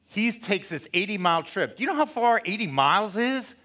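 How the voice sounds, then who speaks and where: Bright-voiced man telling a story from the pulpit. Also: sits high, brisk. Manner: casual, animated storytelling with acted-out quotes. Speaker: pastor. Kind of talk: sermon. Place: church.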